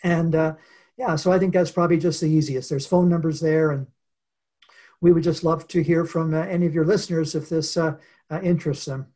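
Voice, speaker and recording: Earnest storytelling man, slightly high voice. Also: fairly even intonation, warm tone. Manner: earnest, unhurried, with frequent pauses and fillers. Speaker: interview guest, author. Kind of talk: reflective storytelling in conversation.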